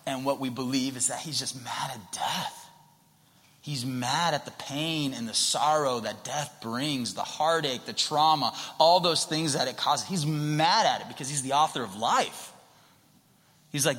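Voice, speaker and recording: A man preaching a sermon earnestly, rising to passionate emphasis and dropping at times to a soft whisper. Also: medium pitch, measured pace, in a large hall. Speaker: pastor.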